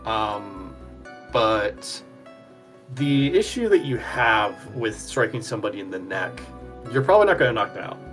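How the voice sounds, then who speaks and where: Slow, animated joking streamer man. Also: on the low side, soft background music. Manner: dry, joking, explanatory. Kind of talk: casual chat during a game voice-over.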